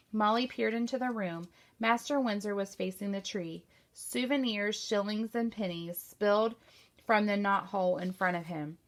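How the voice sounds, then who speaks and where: A woman teacher narrates a novel for her class in a mid-pitched voice. Her reading is steady and even-paced. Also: normal speed. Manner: steady storytelling.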